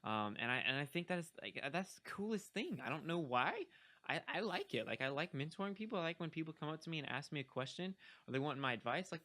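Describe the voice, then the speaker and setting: Young guy vlogging, bright voice a bit on the high side, rambly and upbeat, says like a lot. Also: big pitch swings, fast. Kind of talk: casual talking-head vlog.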